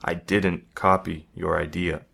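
A man reading as a quiet schoolboy, soft-spoken and withdrawn, in a storybook telling. The voice is deep and slow, close to the narrator's own. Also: level tone, creaky, heavily acted. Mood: mumbling. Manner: subdued, then defiant.

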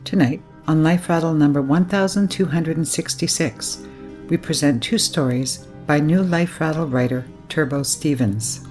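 Low-voiced woman hosting a story show. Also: darkish tone, faint music behind. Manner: measured, formal announcing. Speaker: radio story show host. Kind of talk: scripted introduction.

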